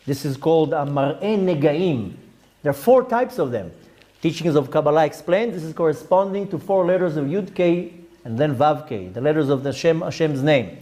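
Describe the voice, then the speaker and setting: A man's voice: on the high side, a little mellow. A man, a rabbi giving a Torah lecture to a class, explaining step by step with terms and side notes. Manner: explanatory, with Hebrew terms and frequent asides.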